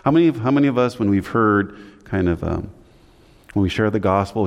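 A man preaching a sermon on scripture, asking and answering his own questions, rising for emphasis and dropping low at the ends of phrases. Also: expressive, fairly quick, gravelly. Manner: rises in pitch and volume for emphasis, drops low at phrase ends. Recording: long hall reverb.

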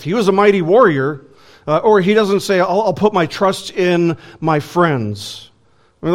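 A man preaching a sermon in an earnest, emphatic way, building lists and asking rhetorical questions. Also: fairly high pitch.

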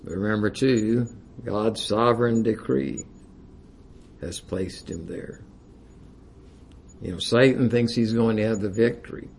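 A man's voice: on the low side, a little slow, gravelly, long pauses, darkish tone, slight background noise. A man preaching a sermon, reading King James scripture aloud with rising emphasis and using frequent "you know" fillers.

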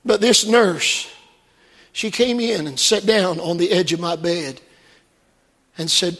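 A man preaching a sermon from the pulpit, moving between quiet storytelling and shouted, fervent peaks. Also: sits high, measured pace, pauses often, in a large hall. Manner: preaching that swings from hushed storytelling to shouted climaxes. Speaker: pastor. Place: church sanctuary.

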